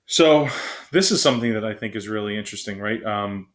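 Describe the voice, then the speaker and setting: Lecturer, male, lowish voice, quick conversational delivery with lots of "right?" tag questions. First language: English. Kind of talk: classroom lecture.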